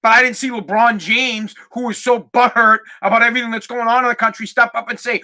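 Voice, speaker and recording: A man hosting a podcast, delivering an angry, profane solo rant that repeats itself and breaks into shouting. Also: extremely high pitch, little pitch movement, fast talker, hardly any pauses. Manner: heated, profane, repeats himself, shouts at times. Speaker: podcast host.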